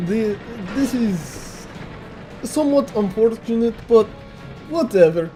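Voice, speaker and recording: A man with a fairly high but mellow voice commentates his own video game match, putting on a deliberately bad Russian accent. He keeps it playful and self-mocking, talking straight to his viewers as comrades. Faint music runs underneath. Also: lively intonation. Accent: put-on mock Russian accent. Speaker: gameplay commentator.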